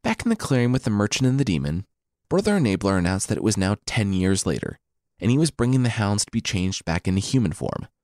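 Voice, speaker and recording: Low-voiced, wry male storyteller. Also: big pitch swings, fast, a little mellow, dry recording, studio quality. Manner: irreverent, sarcastic asides. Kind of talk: comedic story retelling.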